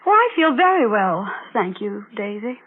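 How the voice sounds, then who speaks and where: A woman's voice: mid-range voice, very animated, normal speed, narrow, tinny audio, lightly acted. An actress playing a jealous, possessive young woman who turns murderous, in 1940s radio drama style, cold and menacing. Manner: cold and menacing, then pleading. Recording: scratchy 1940s radio broadcast.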